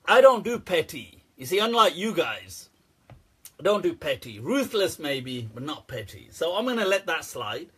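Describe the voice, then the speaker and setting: A man's voice: fairly high pitch, big pitch swings, normal speed, fairly bright tone, slightly rough. A man answering questions in a casual, sarcastic rant, laughing often and swearing freely. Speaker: Islamic scholar answering questions. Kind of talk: casual ranting commentary.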